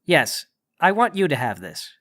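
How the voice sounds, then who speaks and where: A man's voice: a little high, very animated, normal speed, fairly bright tone. A man playing his character in a comedic tabletop game, speaking in an overly polite, formal way. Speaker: player.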